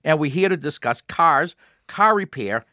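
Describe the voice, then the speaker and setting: A man's voice: fairly high pitch, expressive, a little slow, pushed and bright, no echo, studio quality. A man co-hosting a jokey radio car show, telling jokes, stumbling over his words and laughing often.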